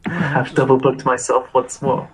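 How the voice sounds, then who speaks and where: A man casually playing a tabletop game, relaxed and joking. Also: mid-range voice, unhurried, crowd noise, low-quality recording. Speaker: player.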